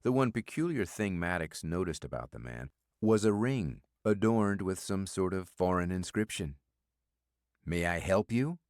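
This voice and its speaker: A man reading a thriller audiobook in a steady, measured scripted narration. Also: low voice, no room sound, studio quality.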